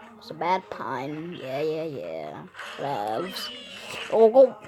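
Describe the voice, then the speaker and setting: A woman's voice: low voice, big pitch swings, slow, a little mellow, rough recording. A woman giving casual, playful commentary while playing a game, talking to the characters and cracking puns. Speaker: gamer.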